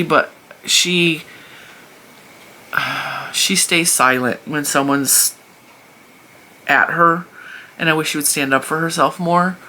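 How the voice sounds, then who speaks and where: A woman's voice: deep voice, bright, forceful tone, slight background noise. A woman in her forties chatting casually to camera as host of a crochet channel, talking freely and laughing often between thoughts, recorded on a phone set up in front of her. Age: 40s. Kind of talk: casual vlog chat. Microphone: phone mounted in front of her.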